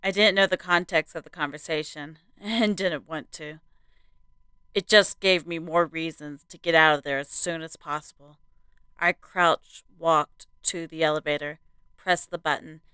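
Lady podcast host reading a scary story, low-ish smooth voice, dry close sound. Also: bright, forceful tone, no echo. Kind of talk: horror story narration.

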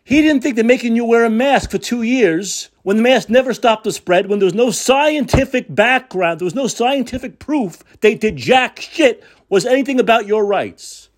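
A man's voice: extremely high pitch, animated, moderate pace, few pauses. A man hosting a political talk show, delivering an angry, sarcastic and profane rant.

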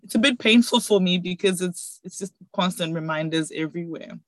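A woman's voice: fairly low pitch, fairly quick, no room sound. Reflective young woman. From Zimbabwe. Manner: reflective, soft-spoken. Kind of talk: heartfelt conversational chat.

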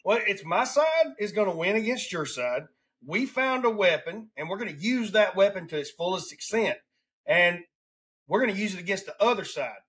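Southern US male podcast host, fairly high voice, rambling and drawn-out, casual chat. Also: very animated, fairly bright tone, breathy edge. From Alabama. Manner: rambling, restarts often, drawn-out emphasis.

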